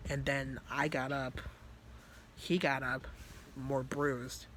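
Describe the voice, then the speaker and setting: A man's voice: mid-range voice, level tone, slow pace, a bit bright, slight background noise. A man telling a story in a casual, rambling way, full of fillers and swearing. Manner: rambling, filler-heavy and profane. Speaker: vlogger.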